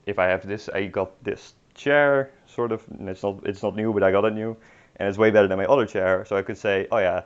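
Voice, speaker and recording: A man's voice: deep voice, clean tone. A young man teaching a beginner language lesson online, hesitant with many ums and restarts, with dry humor. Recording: dull lo-fi recording.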